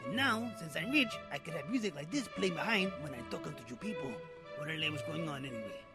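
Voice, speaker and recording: A man's voice: fairly high pitch, expressive, quick pace, voice pushed down. A man voicing a boastful male ex-con who has made it rich, bragging crudely with slang over a music bed. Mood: swaggering. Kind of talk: comedy character monologue. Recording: loud music bed behind voice.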